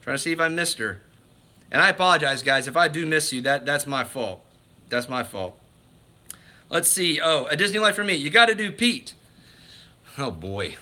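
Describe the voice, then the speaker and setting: A man's voice: fairly high pitch, very animated, moderate pace, long pauses, sharp tone. A man hosting a casual livestream chat, talking in a rambling, enthusiastic way with many restarts and greetings to viewers. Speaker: livestream host.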